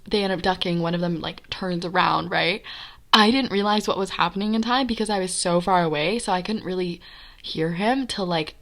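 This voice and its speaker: A young woman telling a personal story in a casual, animated way, full of "like" and "right?". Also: medium pitch. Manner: animated, filler-heavy with frequent "like" and "right?".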